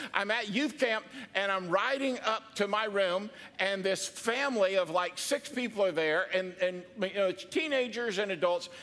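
A male pastor preaching in a bright, forceful voice that sits high for a man. He keeps it conversational and joking, and his words ring out with a long hall reverb. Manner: conversational and joking, with quoted asides. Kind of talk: sermon.

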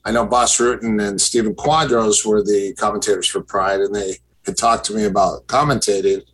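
A man's voice: fairly low pitch, fairly even intonation, normal speed, fairly bright tone, husky, low-quality recording. A man, a guest and former fighter, telling long stories in a casual chat, rambling with fillers and restarts and acting out what others said. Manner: rambling, many fillers and restarts, acts out quoted exchanges.

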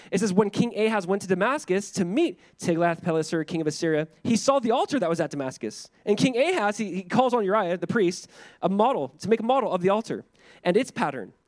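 A young adult man preaching a sermon in a conversational, animated way, acting out the voices in the scripture he reads. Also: sits high, dry recording. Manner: conversational, animated, acts out quotes. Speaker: pastor.

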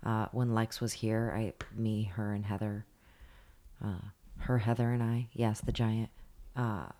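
A woman's voice: rumbling low, little pitch movement, warm tone. A woman co-hosting a podcast in casual chat, often hunting for words with fillers. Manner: halting, gropes for words with fillers. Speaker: podcast co-host.

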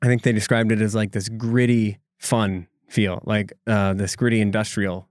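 Low-voiced man explaining casually. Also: little pitch movement, moderate pace, no echo, clean studio sound. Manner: conversational, explains with loose asides and restarts. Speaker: podcast co-host reporting. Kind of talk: casual podcast chat.

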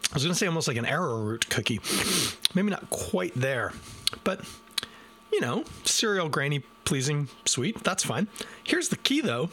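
A man's voice: on the high side, lively intonation, moderate pace, fairly bright tone, a little hiss or hum. A man reviewing a beer live from his desk in a casual, self-deprecating way, talking straight to his viewers. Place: home desk. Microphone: desk microphone.

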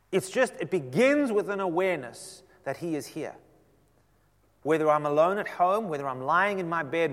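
Preaching man in a reverberant church. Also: on the high side. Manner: preaching with dramatic swings from loud emphasis to soft near-whisper. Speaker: pastor. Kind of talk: sermon. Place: church sanctuary. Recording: long hall reverb.

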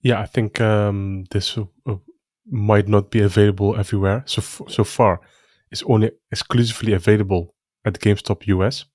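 A man's voice: lowish voice, steady tone, normal speed, darkish tone, no echo, studio quality. A man co-hosting a casual chat, speaking hesitantly with frequent restarts. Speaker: co-host.

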